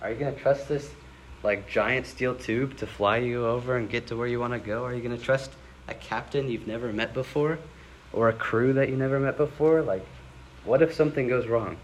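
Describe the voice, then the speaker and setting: A man's voice: mid-range voice, fairly quick, rough recording. Young guy preaching, laid back and chatty, gets dramatic on the bible quotes, faint room noise behind. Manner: casual, conversational preaching with dramatic scripture readings. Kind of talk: sermon.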